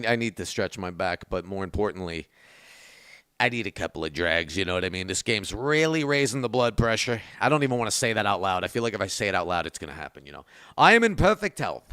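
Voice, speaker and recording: Lively, bright-voiced male game streamer. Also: fairly low pitch, a little fast, smooth, no room sound, clean studio sound. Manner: chatty, thanks donors, talks straight to chat. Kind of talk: casual live-stream chat with viewers. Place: at a desk.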